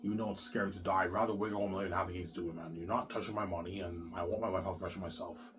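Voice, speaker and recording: Lowish-voiced man rambling to camera. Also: fairly even intonation, fast, noisy background. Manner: rambling, repetitive and profane, with frequent restarts. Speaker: vlogger. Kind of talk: rambling monologue to viewers.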